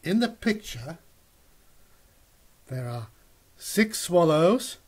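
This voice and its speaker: Slow, husky man reading a picture book. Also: a little high. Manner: slow, animated storytelling. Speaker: reader.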